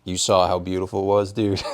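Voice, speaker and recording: A man's voice: low voice, steady tone, normal speed. A young man from Rhode Island hosting a podcast, talking in a laid-back, casual way, saying "dude" a lot and laughing hard at his own stories. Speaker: podcast host. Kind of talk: casual chat.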